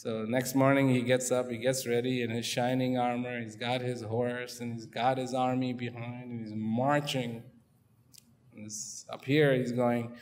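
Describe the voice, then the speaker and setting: A man's voice: medium pitch, level tone, normal speed, a little mellow, slight background noise. A man giving a playful storytelling talk, questioning his audience as a spiritual speaker. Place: large event hall. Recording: long hall reverb.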